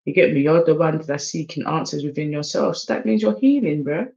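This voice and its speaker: A man's voice: fairly high pitch, a little fast, gravelly, darkish tone. Slangy English man, dull lo-fi sound. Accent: English, London slang. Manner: loose, slangy, swings between hype and mumbling. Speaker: oracle card reader. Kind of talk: casual tarot-style card reading.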